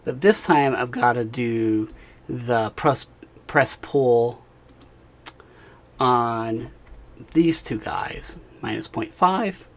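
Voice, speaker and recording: A man narrating a software tutorial screencast, talking casually as he clicks through steps and checking in with the viewer. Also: mid-range voice, drawn-out words, pauses often. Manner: casual, talks while clicking, frequent "all right" and "right?". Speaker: instructor.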